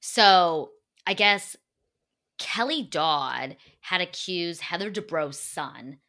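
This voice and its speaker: A woman's voice: on the low side, animated, slow pace, bright, forceful tone. A woman hosting a podcast, chatting casually and gossiping, full of "like" fillers and swearing. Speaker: podcast host.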